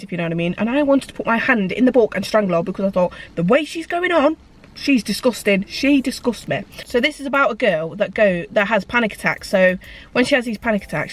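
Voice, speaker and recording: A woman in a casual book chat vlog, retelling a story in a chatty way and swearing freely. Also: mid-range voice. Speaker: book vlogger.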